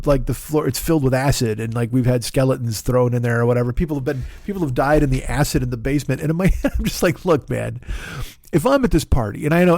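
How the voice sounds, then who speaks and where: A man in his forties rants through a solo comedy podcast with a fairly high voice, swearing freely and losing his own thread. The sound is dry and close to the mic, with no room around it. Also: darkish tone, dry recording. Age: 40s. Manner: profane, rambling, self-interrupting.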